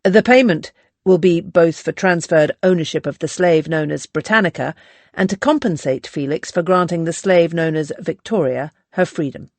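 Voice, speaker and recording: Reader doing a formal, measured steward, even tone, dry sound. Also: male voice, fairly high pitch, dry recording, lightly acted.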